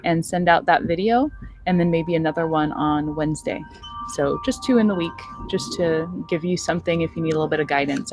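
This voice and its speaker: Middle-aged woman teacher, casual vlog chat, low-pitched voice with faint music behind. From suburban United States. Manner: chatty, laughs easily, animated storytelling.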